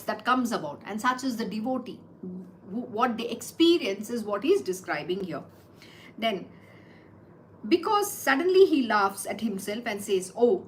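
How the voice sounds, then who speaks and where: High-voiced woman teaching scripture. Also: fairly bright tone, a little hiss or hum, low-quality recording. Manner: repeats phrases and asks rhetorical questions. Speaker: spiritual teacher. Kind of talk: explaining scripture verses.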